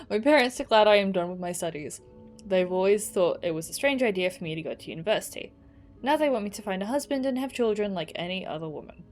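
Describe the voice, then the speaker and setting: Woman reading out a young 1940s woman's love letters, tender, mid pitch, plain reading. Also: animated, fast, soft background music, natural voice. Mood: resigned. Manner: reading aloud, tender then resigned. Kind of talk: reading game letters aloud.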